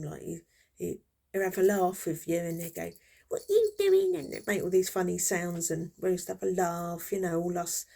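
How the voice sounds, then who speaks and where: Woman, 50s, low pitch, mellow dark tone, chatty rambling crafter vlog. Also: creaky. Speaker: crafter vlogger. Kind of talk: casual chat while crocheting.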